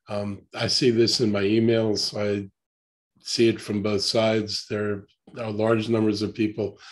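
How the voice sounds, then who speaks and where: A man with a hoarse, gravelly voice, giving a measured public statement as a county executive over a video call, with frequent ums. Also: fairly low pitch, darkish tone.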